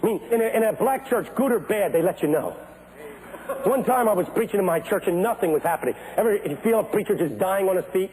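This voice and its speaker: Lively preacher man telling a story. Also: high-pitched, fast talker, low-quality recording. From West Philadelphia. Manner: storytelling, builds to shouted rhythmic preaching. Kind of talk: sermon.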